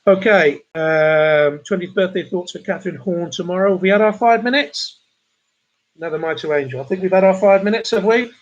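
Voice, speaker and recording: A man's voice: sits high, fairly quick, highs cut off. A man hosting a charity pub quiz livestream, chatting and reading out donors' messages between the questions. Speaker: quiz host.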